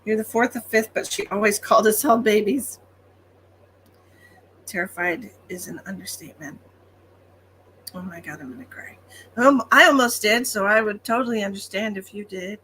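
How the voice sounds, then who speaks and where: A woman's voice: medium pitch, moderate pace, pauses often, fairly bright tone, slight background noise. A woman working as a psychic medium, giving chatty, reassuring readings on a livestream with frequent ums.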